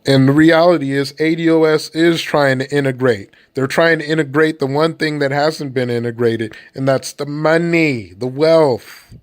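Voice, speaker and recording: A man's voice: fairly high pitch, fairly even intonation, moderate pace, few pauses. A man from the United States giving casual opinion commentary in a blunt, profane and rambling way.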